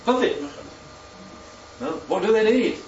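This man's sermon is animated, his high voice moving at a measured pace as he quizzes the congregation and repeats their answers. Crowd noise is audible, and the hall recording sounds roomy, distant, and muffled.

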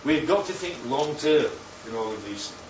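A man preaching a sermon, animated and full of rhetorical questions, his voice leaping up for emphasis. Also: medium pitch, normal speed, slight background noise. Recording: roomy, distant, dull sound with faint ambience.

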